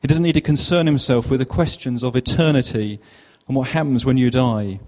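A man's voice: medium pitch, a little fast, darkish tone. A man preaching a sermon, telling a story in a conversational way with self-deprecating asides. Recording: long hall reverb.

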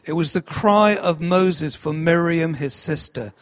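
High-voiced slow preacher in a reverberant hall. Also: male voice. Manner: slow, emphatic delivery, acting out cries. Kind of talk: sermon.

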